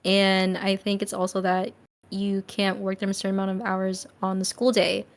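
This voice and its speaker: A young woman chatting as a podcast guest, telling a story in an animated way and acting out the lines of the people in it. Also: medium pitch, normal speed. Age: young adult. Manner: animated storyteller, acts out quoted dialogue. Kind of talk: casual chat.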